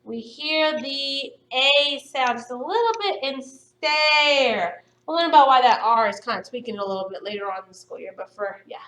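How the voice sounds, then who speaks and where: Woman phonics teacher, high voice, slow and encouraging, recorded off-mic in a roomy space. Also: expressive, sharp tone, distant mic. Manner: slow, stretched-out sounding of words for young pupils; encouraging, upbeat praise. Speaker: primary school teacher. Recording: echoey room, voice somewhat off-mic.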